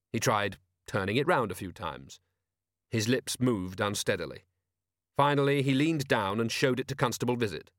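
Dry, measured male audiobook narrator. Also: mid-range voice, no echo. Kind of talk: scripted narration.

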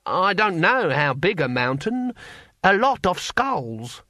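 A man's voice: sits high, very animated, takes it slowly, pushed and bright, dry recording, clean studio sound, voice pushed up, exaggerated voice. A man voicing a nervous, hesitant male tax official. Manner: hesitant, anxious. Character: nervous male imperial taxman.

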